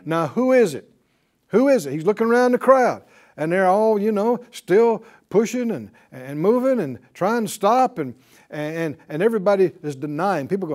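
A man's voice: high-pitched, animated, moderate pace, a little mellow. A man teaching a Bible class in a preaching style, repeating key words and calling on the class to answer. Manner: emphatic, repeats key words, calls for responses.

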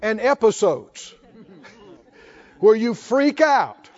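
The speaker is a male pastor whose voice is very high and full of life. Preaching slowly and with emphasis, he builds toward fervent calls, though the audio itself sounds muffled and low-fidelity.

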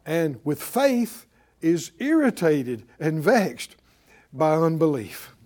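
Middle aged guy preaching, real animated, slow and mellow, bounces high and low. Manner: animated, acts out voices, swings loud and soft. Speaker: Bible teacher. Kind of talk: sermon.

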